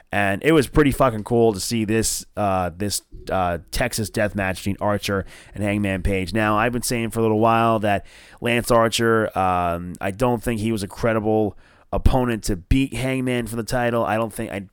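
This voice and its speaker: A man from northern New Jersey hosting a casual wrestling review podcast, rambling and excitable with lots of fillers and swearing. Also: lowish voice, smooth, no echo, studio quality. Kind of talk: casual solo review show.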